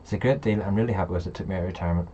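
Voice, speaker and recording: A man's voice: deep voice, racing, mellow, muffled recording, a little hiss or hum. A man hosting a casual live chat, rambling and talking straight to his viewers. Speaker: livestream host.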